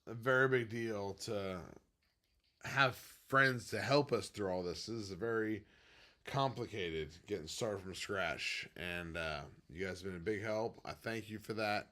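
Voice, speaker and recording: A man hosting a casual late-night livestream from home, rambling off on tangents and swinging between quiet, low musing and loud, excited bursts. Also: a little slow. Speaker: livestream host and business owner.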